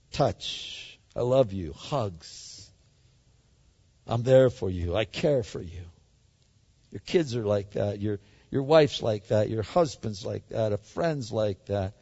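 A man preaching a sermon in an animated way, swinging from loud, emphatic lines to hushed ones. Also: medium pitch, vocal fry, slightly rough. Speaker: pastor. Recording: dull sound in a large hall.

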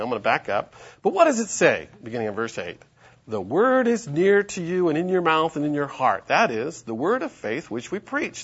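A man preaching a sermon and reading scripture aloud, emphatic and animated. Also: fairly high pitch, breathy edge, lo-fi sound.

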